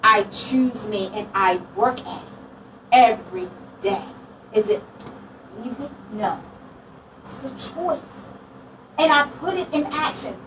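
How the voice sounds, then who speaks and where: A woman, sharing her testimony at a women's conference in a lively, laughing storytelling manner. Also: fairly high pitch, slow pace, pauses often, a little hiss or hum. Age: late 40s. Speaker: minister and speaker. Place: conference room with audience. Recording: distant mic, audience sounds.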